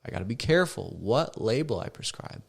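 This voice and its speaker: A man's voice: medium pitch, big pitch swings, a little fast, vocal fry, husky. A middle-aged man hosting a solo podcast as a counselor, talking conversationally and asking rhetorical questions. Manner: conversational, rhetorical questions, acts out quoted voices.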